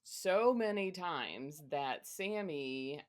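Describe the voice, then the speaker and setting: An older woman co-hosts a casual podcast, talking with emphatic, opinionated conviction. Her voice is very low for a woman. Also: lively intonation, very slow, a crowd in the background. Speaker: podcast co-host.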